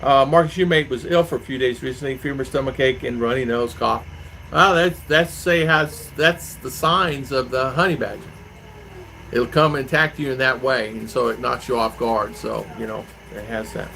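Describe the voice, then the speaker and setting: Bright-voiced man chatting on a live stream. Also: mid-range voice, normal speed, gravelly, slight background noise, poor audio. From Arizona, USA. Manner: rambling, chatty, answers viewer comments. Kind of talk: casual live stream chat.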